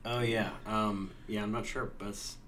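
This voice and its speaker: A man's voice: lowish voice, level tone, unhurried, a bit bright, far from the mic, a little hiss or hum. A man co-hosting a casual comedy podcast with laid-back, dry remarks. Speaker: podcast co-host.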